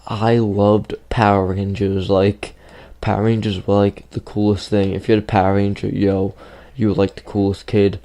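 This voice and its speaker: A man with a somewhat low, warm and relaxed voice tells a story straight to camera. His delivery is loose and rambling, with lots of "like" and "you know." It sounds like a casual video chat with his viewers. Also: moderate pace. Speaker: gaming YouTuber telling a childhood story.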